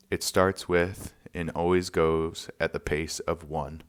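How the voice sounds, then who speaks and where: A man with a deep, smooth voice tells a personal story on a podcast. His delivery is earnest and soft-spoken, broken by short pauses and small laughs. The resonant tone carries the reflective mood.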